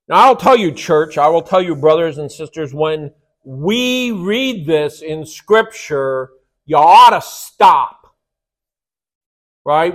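A man preaching a sermon to his church, emphatic and often asking rhetorical questions. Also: high-pitched. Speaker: pastor.

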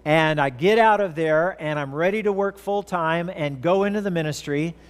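A pastor in his fifties, preaching and telling stories in a fairly high voice. His words ring out with long reverb through a church hall, and he breaks into playful asides as the story goes on. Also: moderate pace, smooth. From California. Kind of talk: sermon. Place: church sanctuary.

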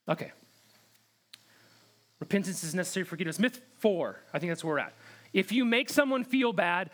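A man's voice: sits high, a bit bright. A man preaching a sermon in an earnest, direct way, often repeating words for emphasis. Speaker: pastor.

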